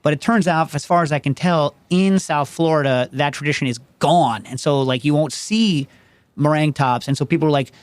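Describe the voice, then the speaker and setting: A man's voice: fairly high pitch, a little fast, no room sound. A man hosting a casual call-in show, rambling and digressive, constantly asking "you know what I mean" as he talks. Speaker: show host.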